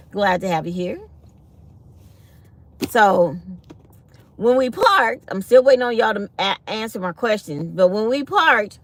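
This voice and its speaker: Speaking at medium pitch with no room sound, a woman hosts a casual livestream full of storytelling. She's chatty, addresses her audience as y'all, and performs the quotes of people in her stories.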